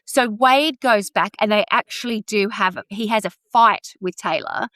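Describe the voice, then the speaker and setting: Woman podcast host telling a crime story, chatty and animated, mid pitch, dry close sound. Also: moderate pace, no room sound. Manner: chatty, animated, many asides. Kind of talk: casual true-crime storytelling.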